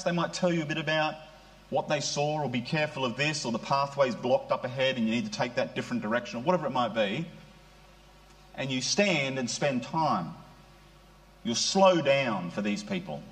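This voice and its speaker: A man's voice: medium pitch, animated, moderate pace, fairly bright tone. A middle-aged man preaching a sermon in a conversational way, often putting rhetorical questions to his listeners.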